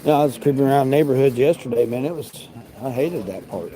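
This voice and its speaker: A man's voice: medium pitch, expressive, brisk, dark tone, a little hiss or hum. A man chatting casually with a live audience while picking a shopping order in a large store, joking and mildly exasperated. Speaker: livestreaming grocery shopper.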